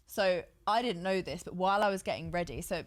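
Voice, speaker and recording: A woman's voice: on the low side, fairly quick. A woman chatting casually, telling stories with quoted voices. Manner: animated storytelling, acting out quotes. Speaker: podcast guest, the bride. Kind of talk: casual chat.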